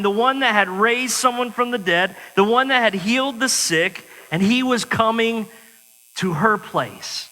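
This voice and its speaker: A man's voice: sits high, bright, forceful tone. A man preaching a sermon in a church, talking in a conversational way and poking fun at himself. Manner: conversational, self-mocking humor. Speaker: pastor. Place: church sanctuary. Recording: long church-hall reverb.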